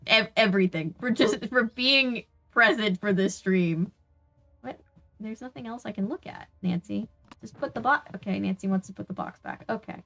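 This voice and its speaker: A woman's voice: mid-range voice, a bit bright. Exasperated Southern woman streaming a game. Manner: chatty, exasperated, talks back to the game and viewers. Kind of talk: casual let's-play commentary.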